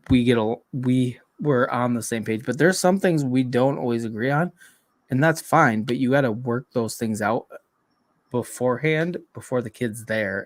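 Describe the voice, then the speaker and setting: A man's voice: medium pitch, no room sound. Male podcast co-host, outspoken and profane, dry close recording. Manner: blunt, profane, rambling. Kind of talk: casual chat.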